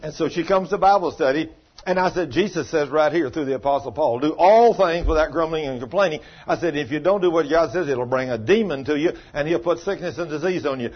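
A preacher with a husky, slightly high voice, telling a folksy story in a small church and acting out each person's lines. The recording sounds muffled and lo-fi. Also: male voice, brisk. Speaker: pastor. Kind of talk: sermon.

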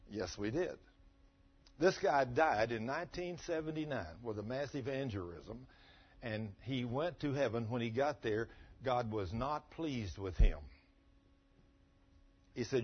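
A pastor delivers a folksy sermon in a church, moving from emphatic, raised lines to quiet asides. His voice is husky, and the dull, lo-fi recording mutes its top end. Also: medium pitch, lively intonation, measured pace, pauses often. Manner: folksy, emphatic preaching with swings from loud to quiet.

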